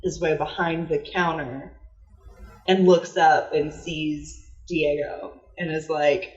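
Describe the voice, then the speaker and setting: A woman telling her character's moves in a tabletop role-playing session, slow and unhurried, breaking into giggles. Her voice rings in an echoey room. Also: deep voice, recorded from a distance, dull audio. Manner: giggly, relaxed storytelling. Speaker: tabletop game player.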